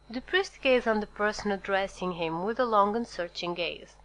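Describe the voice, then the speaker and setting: A woman narrating a classic novel as an audiobook in a steady, measured storytelling voice. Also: medium pitch, low-quality recording. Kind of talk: scripted narration.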